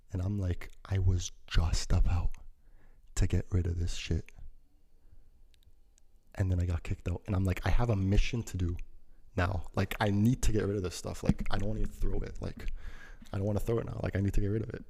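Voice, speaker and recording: Young male storyteller, casual and rambling, slangy, mellow low voice. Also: husky. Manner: rambling, slangy, acts out quoted lines.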